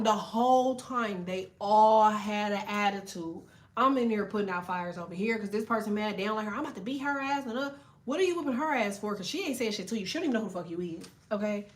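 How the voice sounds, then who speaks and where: A woman tarot reader ranting to camera in a blunt, profane, animated way while telling a story. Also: fairly high pitch. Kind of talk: casual tarot rant to camera.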